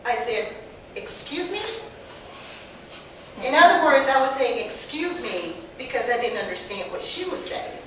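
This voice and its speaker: An older woman with a Southern accent, telling lively stories on a panel, acting out the dialogue and laughing often. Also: fairly high pitch, brisk, few pauses. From North Carolina. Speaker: panelist, former teacher. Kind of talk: personal storytelling on a panel. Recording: very echoey distant hall recording with background noise.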